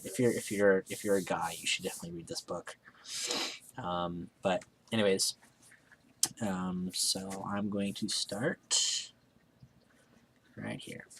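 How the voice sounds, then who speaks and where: A young man from Alaska in a casual vlog, reading words aloud and talking about a book with a hesitant, relaxed manner. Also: low-pitched. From Alaska, USA. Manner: hesitant, lots of ums and restarts, relaxed. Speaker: vlogger. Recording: faint background noise.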